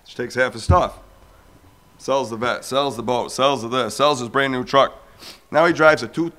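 A man in his forties telling a personal faith story, animated and acting out the voices of people he quotes. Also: moderate pace. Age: 40s. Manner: animated storyteller who acts out quoted voices with big pitch jumps. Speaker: speaker sharing a personal testimony. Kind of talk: storytelling testimony talk.

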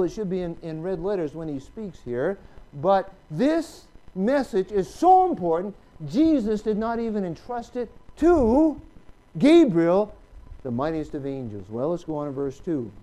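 High-voiced preacher with a mellow tone. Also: male voice. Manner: asks the congregation questions and rises to loud emphatic peaks. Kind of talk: sermon.

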